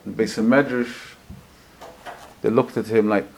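A man preaching as he tells a story, swinging between hushed asides and loud, emotional peaks. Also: lowish voice, fairly even intonation, unhurried, gravelly, a little hiss or hum. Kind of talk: storytelling sermon.

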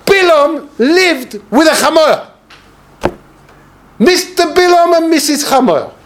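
A man giving a yeshiva-style Torah lecture as a rabbi, animated and sarcastic, peppering his English with Hebrew and Yiddish terms. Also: very high voice, takes it slowly, slight background noise.

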